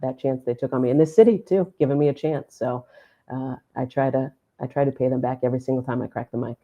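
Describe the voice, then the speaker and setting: A woman sports announcer telling a story in a podcast interview, animated and laughing often as she acts out what people said. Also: very deep voice, fast talker, highs cut off. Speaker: sports play-by-play announcer, guest.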